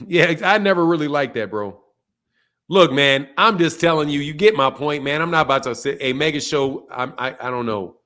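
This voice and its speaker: A man hosting a boxing channel, delivering a loud, profane, fired-up rant in casual stream talk, laughing between points. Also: a little high, expressive, normal speed.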